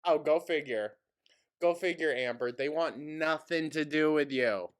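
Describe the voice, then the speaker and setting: A man's voice: on the high side, a little slow, clean tone. A man hosting a mocking reaction commentary, sarcastic and snarky, often breaking into laughter. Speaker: commentary host.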